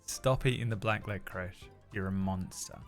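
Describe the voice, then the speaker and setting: Man, game master, jokey, rambling, gravelly voice, faint music behind. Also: sits low, moderate pace. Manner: jokey, rambling, many fillers. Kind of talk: running a tabletop role-playing game.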